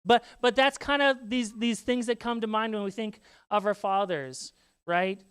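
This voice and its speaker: A man's voice: sits high, normal speed, fairly bright tone, clear, resonant tone, dry recording. Storytelling man preaching a sermon. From Saskatchewan, Canada. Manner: storytelling, acts out children's voices. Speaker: pastor. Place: church sanctuary.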